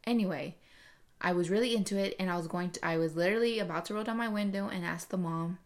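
A young woman co-hosting a casual podcast, chatting in an animated way and putting on voices when she quotes people. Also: on the low side, fast talker. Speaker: podcast co-host. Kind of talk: casual chat.

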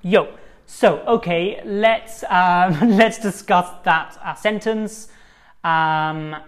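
A man's voice: high voice, a little slow. Rambling, um-filled casual male talker. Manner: rambling, filler-heavy, conversational. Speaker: podcast host. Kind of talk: casual solo monologue. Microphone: own microphone.

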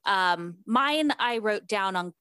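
A woman's voice: mid-range voice, animated, slow, a bit bright, clear, resonant tone, dry recording. A woman co-hosting a casual podcast, talking chattily with lots of ums and likes. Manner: chatty, uses fillers like um and like. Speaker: podcast co-host. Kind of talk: casual chat.

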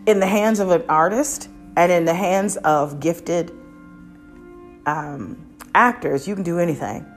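Low-voiced opinionated woman podcaster. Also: measured pace, soft background music. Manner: chatty, opinionated, many restarts and asides. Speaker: podcast host. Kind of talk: casual review chat.

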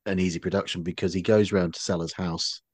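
Male co-host, husky and low, measured anecdote telling, dry sound. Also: level tone, no echo. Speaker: podcast co-host. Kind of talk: casual chat, retelling a story.

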